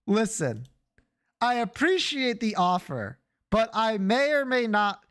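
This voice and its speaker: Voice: medium pitch, very animated, slow, fairly bright tone. A streamer chatting casually to viewers while gaming, joking around and swearing freely. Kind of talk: casual game stream chat.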